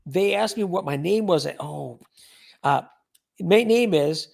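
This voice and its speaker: A man hosts a casual livestream, chatting away and reading viewers' names aloud to greet them. His voice sits high and gravelly with a darkish tone, at a measured pace.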